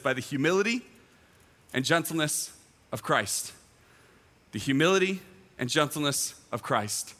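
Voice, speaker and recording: Male pastor, sermon delivery, bright, slightly high voice, earnest, repeats key lines. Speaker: teaching pastor. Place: church auditorium, also streamed online.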